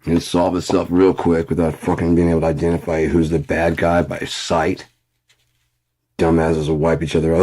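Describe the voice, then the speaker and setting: Fifty-something man, low and gruff, rambling foul-mouthed vlog rant. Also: little pitch movement, normal speed. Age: 50s. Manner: heavy swearing, rambling, mutters low then flares up loud. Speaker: vlogger. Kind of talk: casual profane rant.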